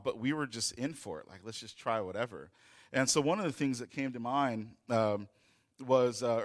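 A man telling a personal story in a loose, rambling way, with many fillers and restarts. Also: mid-range voice. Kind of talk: casual storytelling.

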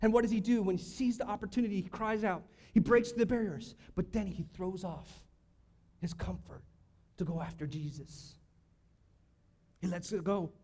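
Man, pastor, sermon, high-pitched, dramatic loud and soft swings. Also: moderate pace, husky. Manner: preaching with sudden shouts and hushed drops.

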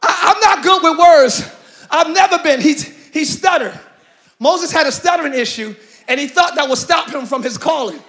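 Male preacher, high voice, bright, shouting, slangy and joking with the church. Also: normal speed. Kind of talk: sermon.

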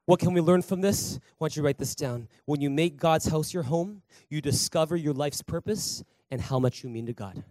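A man's voice: on the high side, moderate pace, hardly any pauses, a little mellow, no echo. A male pastor preaching at a church service, emphatic, calling out to the congregation for applause and responses. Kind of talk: sermon.

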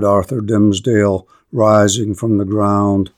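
A man reads a classic novel aloud as scripted narration, slow and deliberate. His voice sits at an ordinary middle pitch, each phrase given room to breathe. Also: expressive, a little mellow. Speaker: podcast host.

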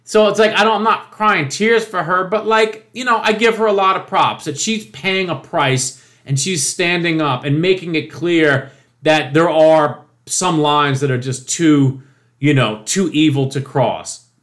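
High-voiced man ranting profanely. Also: measured pace, a bit bright. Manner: profane, indignant, emphatic ranting; mocking quoted voices. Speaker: political commentator. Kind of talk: opinion monologue.

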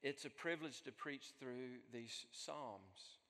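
Slow-spoken male pastor in a hall. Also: medium pitch, animated. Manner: slow, earnest preaching that swells and then falls soft. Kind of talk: sermon. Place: church. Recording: long echo of a large hall.

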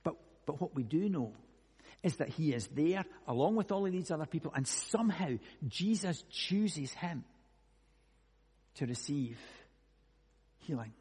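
Husky preacher in echoing hall. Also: male voice, a little high, animated, a little slow, pauses often. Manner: musing, asks many rhetorical questions, swings between hushed and loud. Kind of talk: conversational sermon. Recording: long echoey hall reverb.

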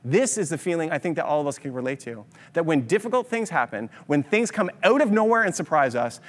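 A man preaching a sermon, telling a story with lively rhetorical questions. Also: a little high. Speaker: pastor. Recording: long hall reverb.

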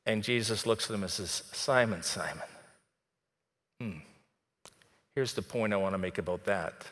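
A man preaching a sermon in a conversational way, dropping soft and then rising to emphatic. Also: fairly low pitch, normal speed, in a large hall. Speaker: pastor.

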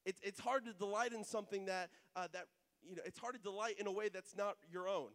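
High-voiced earnest male preacher. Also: quick pace, fairly bright tone, in a large hall. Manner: earnest, speaks straight to the congregation. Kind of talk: sermon. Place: church.

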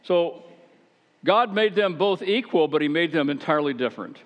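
A man's voice: fairly high pitch, animated, normal speed. A man preaching a conversational sermon, chatty and rhetorical, with wry asides and self-deprecating stories. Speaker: pastor. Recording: echoey hall, dull lo-fi sound.

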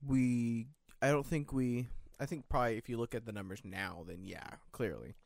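A man's voice: mid-range voice, normal speed, gravelly, darkish tone, no room sound, clean studio sound. A young man from the United States chatting casually, rambling and hedging, with frequent restarts and casual swearing. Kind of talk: casual chat.

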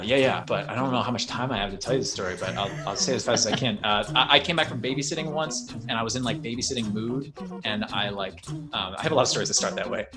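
A young man, a puppeteer from New York State, chatting in an interview and telling long stories in a loose, rambling way full of "like"s. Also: mid-range voice. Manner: rambling, animated storyteller with many "like"s. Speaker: puppeteer guest. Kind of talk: casual interview storytelling.

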